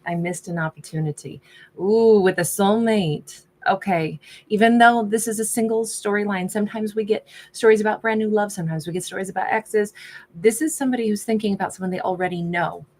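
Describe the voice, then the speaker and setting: A woman's voice: mid-range voice, fairly quick, a little mellow. A woman giving a casual tarot reading, thinking aloud as she turns over each card. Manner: musing, thinks aloud while reading cards. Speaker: tarot reader.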